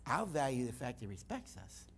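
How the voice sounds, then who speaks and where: At normal speed and medium pitch, with vocal fry, a middle-aged guest speaker gives a church teaching talk. His storytelling is animated, and he acts out the dialogue.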